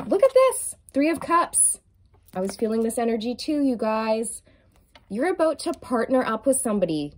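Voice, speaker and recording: A woman doing an effusive, emphatic tarot reading, stretching out key words and now and then singing a lyric softly. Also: mid-range voice. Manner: sings song lyrics softly at times. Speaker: tarot reader.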